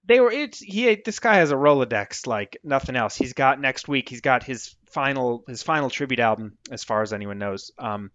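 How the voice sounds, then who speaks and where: An American man, an author guest in a casual interview, talking in an animated, digressive way. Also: mid-range voice, moderate pace, few pauses, no room sound, muffled recording.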